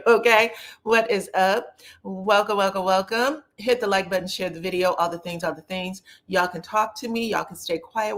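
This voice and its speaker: Chatty woman hosting a live review. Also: fairly low pitch. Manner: chatty, animated, laughs often. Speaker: reality TV review host. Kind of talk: casual live-stream chat.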